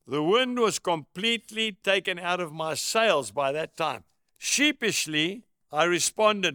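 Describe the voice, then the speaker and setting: A man's voice: high-pitched, expressive, a little slow, bright, forceful tone, clear, resonant tone, dry recording, clean studio sound. A man narrating a first-person memoir as an audiobook, in an earnest, reflective way.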